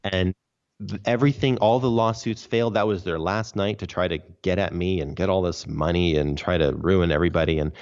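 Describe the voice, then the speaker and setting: A man's voice: low-pitched, fairly even intonation, a little fast, darkish tone, clear, resonant tone. A man, a podcast guest, recounting his story earnestly and emphatically in a casual interview. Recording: dull lo-fi audio.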